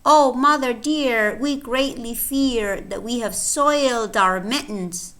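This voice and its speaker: A woman doing small fretful kittens from a nursery rhyme, lifted a little higher and slower, sing-song and pleading. The tone is bright and clear.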